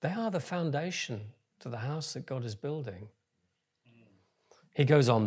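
Husky-voiced man preaching with big swings. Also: mid-range voice, a little slow. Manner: lively preaching, swings from soft to loud. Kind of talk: sermon.

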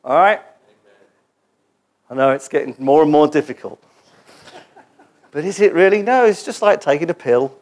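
A man preaching a sermon in a church gathering, animated and joking as he leads the congregation in call-and-response. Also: on the high side, normal speed, long pauses.

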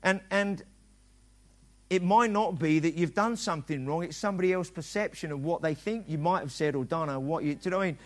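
A middle-aged pastor delivers a sermon in a relaxed, chatty way. His voice sits a little high for a man, and he slips into little acted-out exchanges to make his points. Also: brisk. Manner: conversational preaching, acts out quoted dialogue.

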